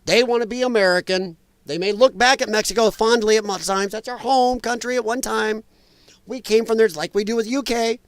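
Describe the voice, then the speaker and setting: High-voiced blunt male livestream host. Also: moderate pace, clean tone, no room sound. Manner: animated, blunt and opinionated, laughs and talks back to chat. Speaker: livestream talk show host. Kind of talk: casual live chat, reading viewer comments.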